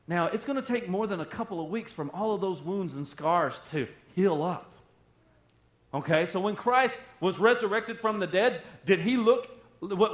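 Male preacher, conversational sermon delivery, slightly high voice, roomy echo. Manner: conversational, drops to a hushed voice for dramatic passages.

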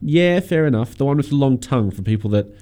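A man's voice: mid-range voice, animated, quick pace, mellow. A young man co-hosting a casual radio music show, giving long opinionated takes. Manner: opinionated, talks at length. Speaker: radio co-host.

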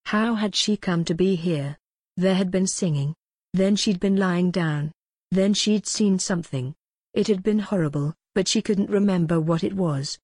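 A woman narrates an audiobook in a measured, even way. Her voice sits a little low for a woman, and the close studio recording is dry with no room sound. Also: dry recording. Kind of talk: scripted narration.

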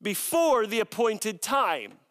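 A preacher putting on panicked shouting demons. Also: male voice, high-pitched, sing-song, slow, no echo, pitched above the performer's own voice, full character voice. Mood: alarmed. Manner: frantic, shouting questions. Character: panicked demons pleading with a holy man.

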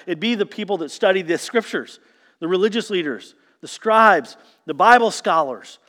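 A man preaching a sermon, telling the story with emphatic swings from loud stresses to hushed lines. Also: high-pitched, expressive, normal speed. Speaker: pastor. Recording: long hall reverb.

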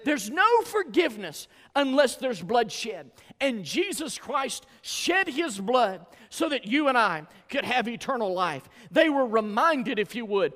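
Southern male pastor, high and animated voice, preaching in rhythmic swells, long church-hall reverb. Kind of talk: sermon.

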